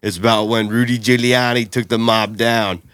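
A man's voice: mid-range voice, level tone, normal speed, a bit bright, smooth, dry recording. A young man teasing his friend in casual chat, swearing and saying dude a lot.

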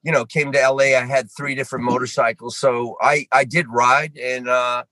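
Animated, bright-voiced middle-aged man. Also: medium pitch, normal speed, dry recording, rough recording. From Vermont, USA. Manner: animated, swears freely, acts out his own lines. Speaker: guest actor. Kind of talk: casual storytelling chat.

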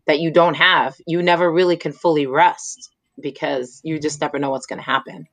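Guest woman, low-pitched, dry close sound, earnest and reflective storyteller. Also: little pitch movement, moderate pace, no room sound. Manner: reflective, earnest, frequent "like" fillers. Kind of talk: personal storytelling in conversation.

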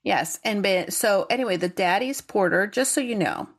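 A woman's voice: medium pitch, normal speed. Chatty woman with a New York accent. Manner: chatty, playfully defensive. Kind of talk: casual chat.

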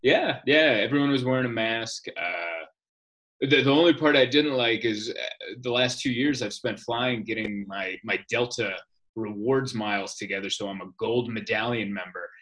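A man's voice: mid-range voice, normal speed, fairly bright tone. A man, a comedian, telling wry, joking stories in casual chat. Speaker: comedian guest.

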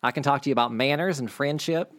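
A man's voice: mid-range voice, fast, fairly bright tone, close to an everyday voice. A man doing a drawling country sea hag. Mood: boastful. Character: cackling female sea hag with country twang.

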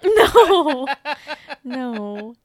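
A woman hosting a podcast in casual chat, tired but cheerful, chatty and quick to laugh. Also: high-pitched, very animated, dry recording. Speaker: podcast host.

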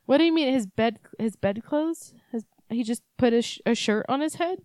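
Woman podcast host, fairly high voice, sarcastic, swears, laughs, dry close mic. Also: moderate pace, darkish tone, dry recording. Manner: sarcastic, profane, laughs often. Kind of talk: casual chat.

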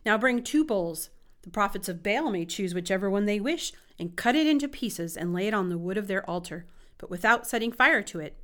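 A woman voices a bold, fervent male prophet, declaiming his words with earnest conviction. The voice sits at an everyday middle pitch, unhurried and clear, as from a storybook reading. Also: lively intonation, fairly bright tone, close to an everyday voice. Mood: declaring.

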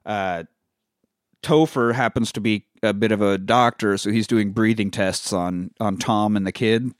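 A man's voice: fairly low pitch, steady tone, unhurried, no room sound, studio quality. A man casually recapping a film on a podcast, swearing freely and quoting characters as he goes. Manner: profanity-laced storytelling with quoted character voices.

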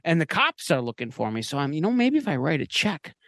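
Animated man telling a goofy story. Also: fairly high pitch, quick pace, no echo. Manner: rambling and crude, laughing at his own jokes. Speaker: podcast host. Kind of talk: comedic spooky storytelling.

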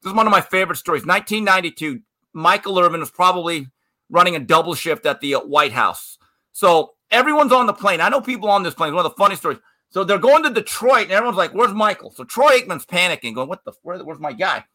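A man hosting a sports talk show, telling stories in a lively way and often restarting his sentences. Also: high-pitched, fast talker. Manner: animated storyteller, restarts mid-sentence. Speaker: show host.

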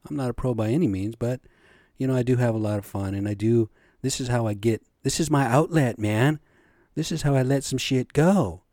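A man's voice: mid-range voice, fairly quick, dark tone, no room sound, clean studio sound. A man hosting his own podcast, ranting heatedly with constant swearing. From American Indian from the United States. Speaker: podcast host. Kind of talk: solo podcast rant.

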